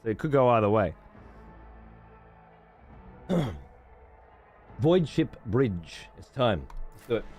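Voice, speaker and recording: An Australian man streams a game, ranting with lots of swearing. His pitch swings widely as he vents, with faint music behind him. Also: sing-song, slow pace, long pauses, darkish tone. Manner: profane, exasperated ranting. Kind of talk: casual gaming stream commentary.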